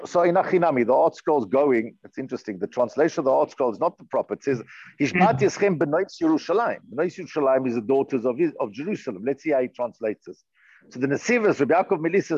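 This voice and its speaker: A man teaching a Torah class online, explaining texts and chanting Hebrew verses slowly with Yiddish terms. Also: mid-range voice, lively intonation, a little mellow, husky, no echo, lo-fi sound. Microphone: computer mic, online class.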